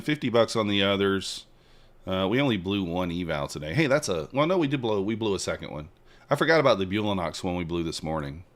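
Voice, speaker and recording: A man's voice: fairly low pitch, a bit bright. A man streaming live futures trades, chatting casually with his viewers, joking and hyping his trades. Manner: chatty, joking with chat, banters and hypes trades.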